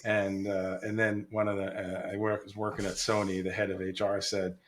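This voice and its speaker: A man co-hosting a podcast, speaking in a wry, self-mocking way with halting starts and many fillers. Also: deep voice, little pitch movement, a little hiss or hum. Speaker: podcast co-host. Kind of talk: conversational podcast chat.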